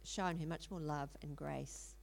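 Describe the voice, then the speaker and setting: A middle-aged woman preaching in an earnest storytelling way. Her voice sits a little low and has a gravelly edge. She pauses often with ums and restarts her sentences. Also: steady tone. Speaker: speaker in a church teaching series. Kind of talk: sermon storytelling.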